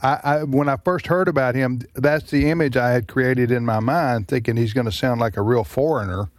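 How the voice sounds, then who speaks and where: A man's voice: medium pitch, moderate pace, no echo. A man hosting a political talk radio program. He talks in a chatty, folksy way with a mid-range voice. The recording is dry and close to the mic. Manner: chatty, folksy, frequent agreeing interjections. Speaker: radio talk show host.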